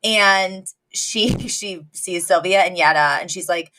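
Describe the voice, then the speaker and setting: A woman's voice: lowish voice, slow, few pauses, sharp tone, a little hiss or hum. A young woman co-hosting a podcast, chatting casually and retelling scenes with lots of fillers. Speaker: podcast co-host. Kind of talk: casual recap chat.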